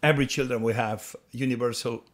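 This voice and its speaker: Guy hosting a podcast, halting, restarts his sentences, hunts for the words. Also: medium pitch, steady tone. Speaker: podcast host. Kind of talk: podcast interview.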